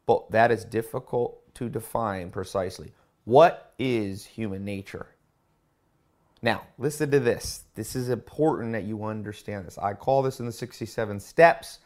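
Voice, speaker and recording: Low-pitched man, show host, emphatic, casual, stresses words. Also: normal speed, a little mellow. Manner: emphatic, stresses key words, restarts often. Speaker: host discussing a book. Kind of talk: casual spoken commentary.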